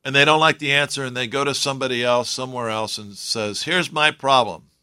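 A man's voice: medium pitch, fast, sharp tone, clear, resonant tone. A man preaching a sermon in a conversational way, with joking asides to his listeners. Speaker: pastor.

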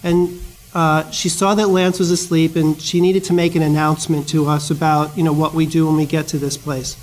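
Preaching in a notably high voice with a level tone, this man keeps his sermon informal, weaving stories and brief asides between scripture passages. The audio is poor.

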